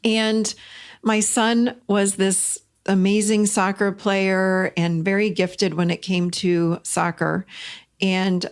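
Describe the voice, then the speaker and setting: A middle-aged woman hosting a casual solo podcast, animated and expressive, swinging between bright emphasis and low confiding asides. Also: slow pace, clean tone. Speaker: podcast host.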